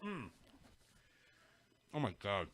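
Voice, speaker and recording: A man's voice: lowish voice, slow pace. A man hosting a casual podcast chat, talking animatedly, joking and swearing with friends. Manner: animated, swearing, laughs often. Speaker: podcast host.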